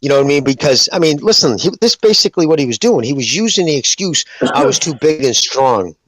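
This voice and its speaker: A man's voice: a little high, lively intonation, fast, fairly bright tone, no room sound, poor audio. A man in a casual boxing call-in chat, giving blunt opinions and swearing.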